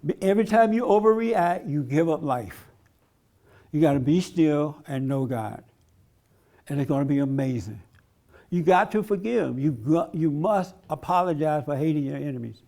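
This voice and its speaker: A man's voice: a little high, animated, moderate pace, gravelly, warm tone. A man giving a blunt, emphatic preaching-style talk at a conference, laughing along with his audience. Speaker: conference speaker.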